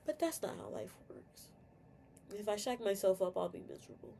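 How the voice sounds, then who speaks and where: A woman's voice: mid-range voice, expressive, normal speed, gravelly, dark tone. A young woman venting candidly in a personal video rant, full of fillers and swearing, tearful at times. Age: young adult. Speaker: vlogger.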